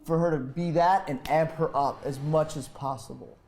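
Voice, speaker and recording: A man's voice: on the high side, steady tone, normal speed, darkish tone, a little hiss or hum. A man playing a tabletop game, hesitant and full of fillers and restarts as he describes his move.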